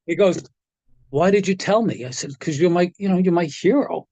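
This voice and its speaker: A man telling animated stories in a casual interview, acting out the quotes as he goes. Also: high-pitched, moderate pace, no echo, highs cut off. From New York area. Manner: animated anecdote teller, acts out quotes. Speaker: guest, guitar tech.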